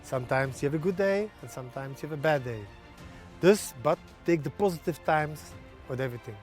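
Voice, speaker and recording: A man, a national team's head coach, answering in halting non-native English with many pauses and fillers in a TV sports interview. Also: a little high, lively intonation, soft background music. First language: not English.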